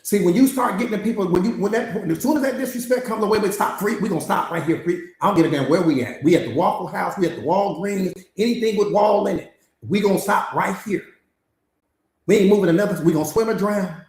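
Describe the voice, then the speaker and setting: In an echoey room, a man with a high, darkish voice talks fast through a live-streamed motivational master class. He coaches on mindset with emphatic repetition, slang, and a barrage of rhetorical questions.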